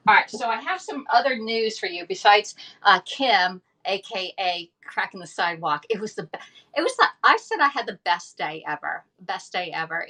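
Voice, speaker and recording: A woman's voice: medium pitch, sharp tone. Woman livestream host, casual and chatty, rambling with fillers and y'all. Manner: chatty, says y'all often, many fillers and restarts. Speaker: livestream host selling kitchen products.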